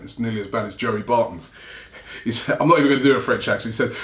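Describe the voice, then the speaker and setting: A man's voice: on the low side, fast. A man hosting a fan channel show, chatting casually as he reads out viewer comments and often chuckles between remarks. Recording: roomy echo.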